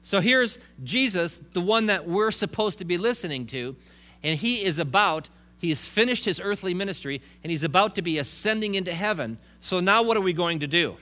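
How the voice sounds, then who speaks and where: A man delivers a sermon in a relaxed, talky way, stumbling over words and restarting now and then. His voice sits a little high for a man and sounds bright and forceful. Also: brisk. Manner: conversational preaching with asides and restarts. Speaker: pastor.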